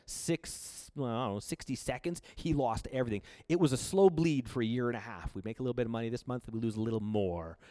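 A man from Canada preaching a sermon, telling his own story in an earnest, confessional way. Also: fairly high pitch. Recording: long hall reverb.

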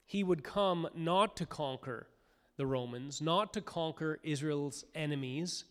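A pastor delivers a sermon at an unhurried, measured pace. His voice is smooth and resonant, and it rings with a long hall reverb. He speaks earnestly, then rises into fervent, higher cries as he voices the crowd.

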